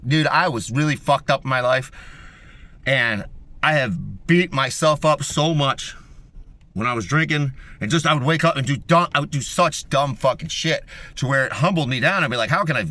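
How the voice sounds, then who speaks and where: A man with a bright, tense, slightly high voice delivers a profane rant. He swears constantly, circles back over his points and lurches between loud outbursts and low grumbles. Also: dry recording. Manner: swears constantly, repeats himself, shifts between loud bursts and low mutters. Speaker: video host.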